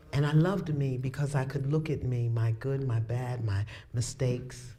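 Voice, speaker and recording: A woman on a talk show telling a personal story of forgiveness, laughing often, acting out her own thoughts and sometimes dropping to a hushed near-whisper. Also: very deep voice, moderate pace, hardly any pauses, a little hiss or hum. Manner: drops to hushed near-whispers at tender moments.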